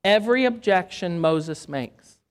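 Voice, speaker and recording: High-voiced man preaching a sermon. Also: animated, a little slow, smooth. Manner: conversational, reads scripture aloud then comments with asides. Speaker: pastor. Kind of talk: sermon with scripture reading.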